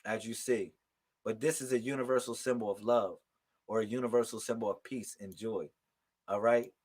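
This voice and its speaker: A man hosting a casual live stream of psychic readings, talking loud and slangy, laughing and calling out to viewers. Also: on the low side, fairly even intonation, normal speed. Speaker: livestream host giving psychic readings.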